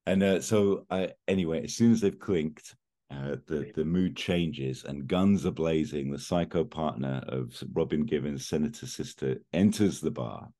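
A man hosting a podcast, telling a film pitch in a chatty, casual storytelling way with frequent fillers. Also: moderate pace, dark tone. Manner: chatty, laughs while telling.

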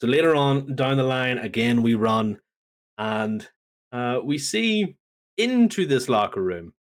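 A man on a podcast casually recapping a wrestling show, telling it as a lively story and acting out the lines. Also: medium pitch. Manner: animated storytelling, acts out quotes. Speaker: podcast co-host.

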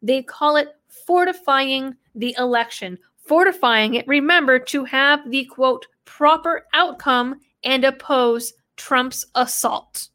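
A woman's voice: high voice, takes it slowly, few pauses, pushed and bright. A woman giving sarcastic, skeptical solo commentary, reading quotes from an article aloud and adding her own asides. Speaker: political commentator. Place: New England background.

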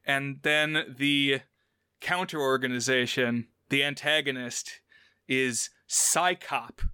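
Bright, crisp-voiced man explaining details. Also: mid-range voice, steady tone, slow, no echo, studio quality. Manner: explanatory, walks through details methodically. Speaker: podcast co-host. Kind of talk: casual review chat.

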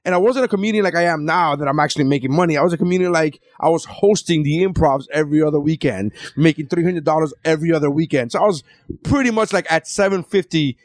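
A young man hosting a podcast, a comedian telling a profane story in an animated way. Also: a little high, fast, no echo, clean studio sound.

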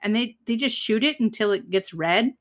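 Blunt, animated woman podcast co-host. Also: on the high side, normal speed. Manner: animated, reads from her notes, blunt humor. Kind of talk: casual chat recapping a TV episode.

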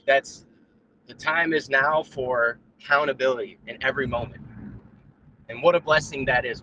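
Rambling man on a remote call, bright tone, slight hiss behind. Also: fairly high pitch, lo-fi sound. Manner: rambling, animated, many fillers and restarts; puts on mocking voices when quoting. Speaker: guest on a live stream. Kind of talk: casual chat, ranting. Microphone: own mic on a remote call.

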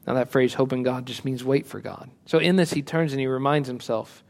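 A male pastor preaching a sermon, rising to emphatic lines and dropping to soft, quiet asides. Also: mid-range voice, a little fast, gravelly.

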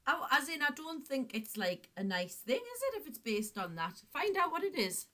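A woman co-hosting a casual podcast chat, teasing and quick to laugh. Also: high voice, big pitch swings, sharp tone. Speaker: podcast co-host.

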